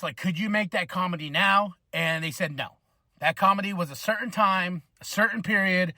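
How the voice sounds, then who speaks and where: A man's voice: high voice, sharp tone, no echo, studio quality. A man in his thirties hosting a podcast, ranting casually and swearing, acting out quoted voices. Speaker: podcast host. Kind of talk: casual rant.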